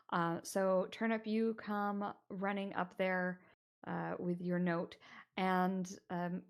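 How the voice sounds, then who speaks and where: A woman narrating a tabletop game as game master, hesitant and full of fillers. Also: lowish voice.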